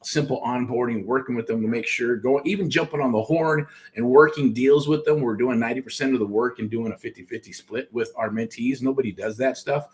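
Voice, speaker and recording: A man's voice: medium pitch, a little fast, few pauses, a little mellow. Rambling, cursing middle-aged American man. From United States. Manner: rambling, profane, self-interrupting. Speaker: host. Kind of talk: casual promotional talk.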